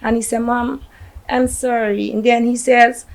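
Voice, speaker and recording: A grieving mother with a Guyanese accent, telling a news reporter what happened in a halting, distraught voice. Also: on the high side, flat delivery, creaky, poor audio. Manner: distraught, halting retelling with shaky drops in volume. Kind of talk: emotional news interview.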